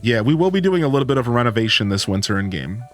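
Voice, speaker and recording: A man's voice: mid-range voice, sing-song, very fast, soft background music. A young man chatting casually and greeting viewers while he plays a farming game on a live stream. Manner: laid-back, chatty, greets chat.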